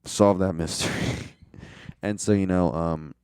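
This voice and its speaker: A young man with a deep, low voice rambles through a movie plot in a loose, profane way, leaning on "like" and chuckling at his own jokes. It sounds close and dry, with no room around him. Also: fairly even intonation, a little slow, darkish tone, smooth, dry recording. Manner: loose and profane, heavy use of "like". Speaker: movie reviewer. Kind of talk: casual movie recap.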